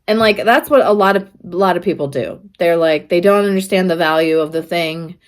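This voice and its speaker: A woman's voice: lowish voice, brisk. Woman, artist vlogger, reflective, earnest, rambling, spiritual musings. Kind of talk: reflective vlog talk to camera.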